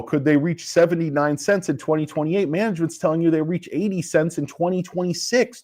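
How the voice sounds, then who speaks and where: A man ranting casually about a stock, combative and profane. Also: on the high side. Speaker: stock market commentator. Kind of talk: casual investing rant.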